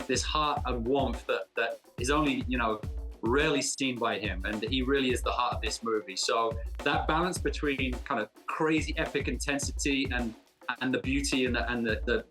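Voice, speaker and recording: A man from Britain, an actor guest in a casual interview, talking in a jokey, self-mocking way with quick asides. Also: medium pitch, a bit bright.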